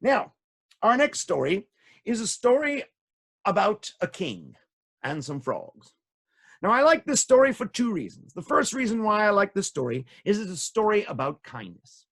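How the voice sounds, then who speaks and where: A man's voice: high-pitched, sing-song, normal speed, creaky, a bit bright. A man telling stories to children, playful and interactive, guiding his listeners through sound effects. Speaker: storyteller. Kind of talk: animated children's storytelling.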